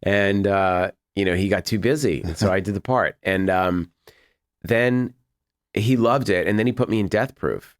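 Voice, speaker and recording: A man's voice: sits low, moderate pace, dry recording, clean studio sound. A man from Boston, a film director as a guest, talking casually in a podcast interview and acting out what other people said as he tells his stories. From Boston, USA. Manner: rambling storyteller who acts out quoted people.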